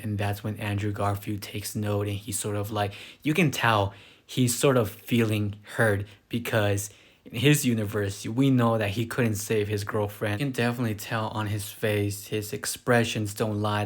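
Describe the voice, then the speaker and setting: A man casually recapping a film plot in a loose, rambling way, full of fillers. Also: lowish voice. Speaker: movie reviewer. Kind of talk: casual spoken movie recap.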